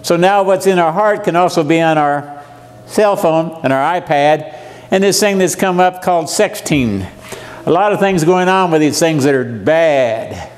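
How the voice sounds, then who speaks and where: A man in his seventies with a drawl teaches a Bible lesson to a congregation. His voice sits somewhat high for a man. He keeps the tone folksy, throwing questions and jokes out to the listeners. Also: unhurried. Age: 70s. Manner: joking, asks the audience questions. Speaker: seminar speaker.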